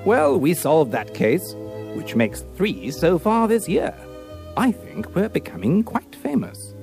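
A man acts out a keen Victorian gentleman sleuth in an audiobook drama, talking in animated upper-class banter. His pitch swoops widely from high to low, with soft music playing quietly underneath. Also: slow, gravelly, heavily acted. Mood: eager. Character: brisk Victorian gentleman detective, eager and sharp.

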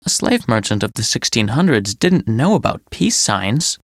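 Audiobook teen boy: soft, hesitant, anxious, a male narrator voicing him, dry sound. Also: medium pitch, big pitch swings, moderate pace, no echo. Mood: hushed. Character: anxious teenage boy with his dog. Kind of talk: audiobook character voice.

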